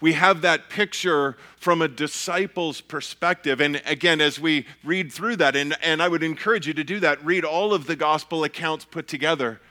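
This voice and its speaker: A pastor giving an earnest, measured sermon, often restarting his phrases. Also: on the high side, pushed and bright.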